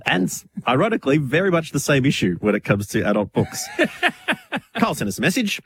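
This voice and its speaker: A man, co-hosting a casual radio chat, laughing through quick comic asides. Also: fairly high pitch, very animated, slight background noise. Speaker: radio co-host. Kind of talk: casual banter on a radio show.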